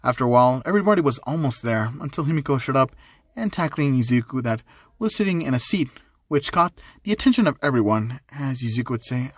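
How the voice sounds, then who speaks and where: A man narrates an amateur fan story in a plain, repetitive way, at a middling pitch. His voice sounds dry and close, with no room echo. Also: expressive, quick pace.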